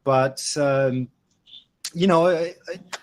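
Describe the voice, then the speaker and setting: A middle-aged man with an Adelaide Australian accent, chatting casually through a webinar about accents, relaxed and anecdotal, with frequent fillers. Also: fairly high pitch, drawn-out words. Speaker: guest speaker. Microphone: video call.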